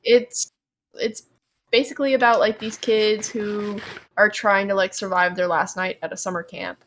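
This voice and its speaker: A woman's voice: mid-range voice, fairly even intonation, moderate pace, a bit bright. A young adult woman co-hosting a gaming podcast in casual chat, rambling with lots of ums and likes. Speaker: podcast co-host.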